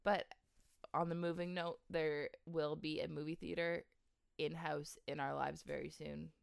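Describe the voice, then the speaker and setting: A young woman co-hosting a podcast, chatting in a relaxed, casual way. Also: low voice, a little slow, gravelly, smooth, no room sound, clean studio sound. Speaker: podcast co-host. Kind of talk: casual chat.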